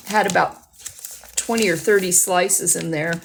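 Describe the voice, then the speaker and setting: A woman's voice: medium pitch, normal speed. A woman chatting casually on a livestream in a rambling, chatty way, laughing often.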